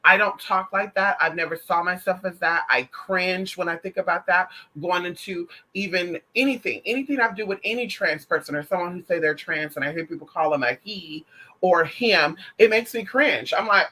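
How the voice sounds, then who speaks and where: A woman's voice: fairly low pitch, moderate pace, bright, forceful tone, poor audio. A trans woman delivering a casual opinion monologue to her viewers, sassy and emphatic, with heavy profanity and pet names like honey and girl. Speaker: vlogger.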